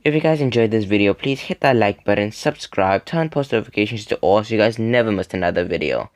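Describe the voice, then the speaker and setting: A man's voice: fairly low pitch, expressive, fast talker. Young man rambling through a story. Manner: rambling, filler-heavy, laughs between sentences. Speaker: storytime video creator. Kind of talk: casual storytelling.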